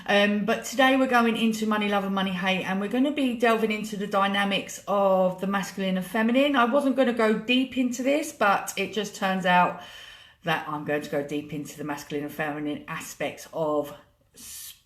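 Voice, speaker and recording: A woman's voice: medium pitch, normal speed. A British woman coaching her group on a live stream, chatty, emotional and swearing freely. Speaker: money coach hosting a live challenge. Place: home room with a laptop. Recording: echoey room.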